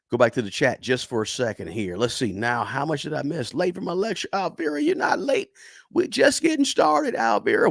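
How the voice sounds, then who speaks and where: A middle-aged man teaches on a casual livestream, leaning on repetition and checking in with "right?" as he goes. His voice sits at an ordinary middle pitch. The sound is dry and close, with no room echo. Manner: repetitive, emphatic, tags lines with "right?"; chatty and encouraging toward viewers. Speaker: livestream host teaching investing. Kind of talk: casual livestream lesson, reading chat.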